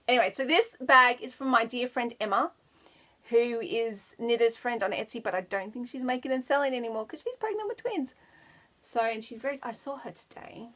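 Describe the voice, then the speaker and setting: A woman's voice: fairly high pitch, fairly bright tone. An Australian woman chatting casually to camera as a knitting podcaster, rambling and giggling as she goes. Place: child's bedroom at home.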